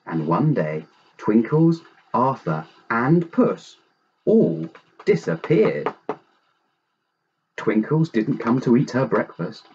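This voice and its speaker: A man reading a bedtime story aloud in an animated, unhurried storytelling manner, on a dull, faintly hissy recording. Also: medium pitch. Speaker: storybook reader.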